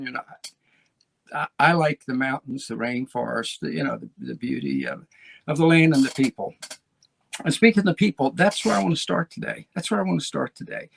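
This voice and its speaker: A man's voice: on the high side, sing-song, brisk, gravelly, a bit bright, husky. A man hosting his own show, telling stories in a loose, rambling way with many restarts. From United States. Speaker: show host. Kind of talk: casual monologue to camera.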